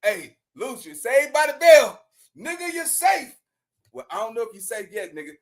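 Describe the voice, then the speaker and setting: A man's voice: very high voice, sing-song, normal speed. A man giving blunt, profane reaction commentary as a streamer, ranting casually to his viewers.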